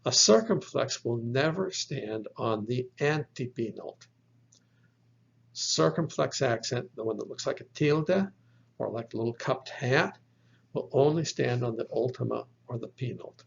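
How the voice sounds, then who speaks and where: A man teaching biblical Greek in a slow, methodical lesson, spelling out letters one by one and correcting his own slips. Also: medium pitch, animated, vocal fry, slightly rough. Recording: dull lo-fi recording.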